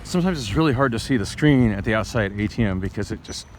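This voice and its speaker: A man talking to camera in a rambling, halting way, with many fillers and restarts, while out on a city street. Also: on the low side, animated, slight background noise. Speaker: vlogger. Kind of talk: casual vlog monologue.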